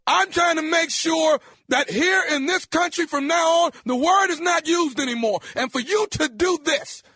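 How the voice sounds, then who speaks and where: A man playing a self-righteous male campaign official on a prank phone call, polite at first and then shouting threats. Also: fairly high pitch, normal speed. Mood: shouting angry. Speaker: prank caller.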